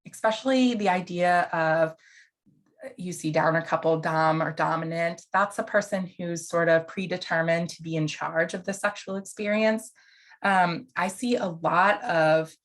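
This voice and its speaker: A woman counselor educator giving an online lecture in a casual, conversational way, with fillers and asides. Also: fairly low pitch.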